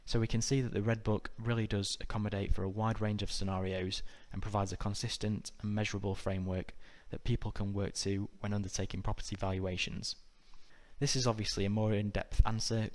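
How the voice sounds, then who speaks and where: A man narrating a scripted exam-prep lesson in a measured, methodical way. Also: on the low side. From United Kingdom. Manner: measured, even, methodical delivery. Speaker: exam tutor.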